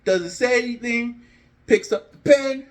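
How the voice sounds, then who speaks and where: A young man casually telling an imagined wrestling storyline, animated and jumping into characters' lines as he goes. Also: very high-pitched, unhurried. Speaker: wrestling fan video host. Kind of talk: casual fantasy-booking storytelling.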